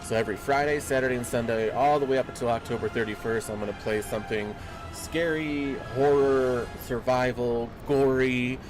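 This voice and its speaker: A young home streamer talks fast in a mid-range voice, chatting casually with his viewers as he plays. His rambling, filler-heavy talk goes into a desk microphone while game music plays underneath.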